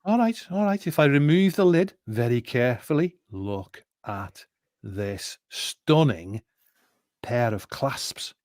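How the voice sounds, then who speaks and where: A man doing a boastful stall holder in a comedy sketch, drawing out his sales patter as he shows off his goods. The voice sits a little high and the sound is dry. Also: lively intonation, moderate pace, hardly any pauses, dry recording, lightly acted. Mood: salesy.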